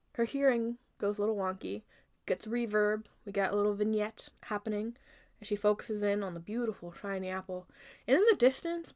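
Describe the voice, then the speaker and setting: A young woman casually retelling a fairy tale in her own version, animated and jokey, with plenty of asides. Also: medium pitch. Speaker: youtuber retelling a story.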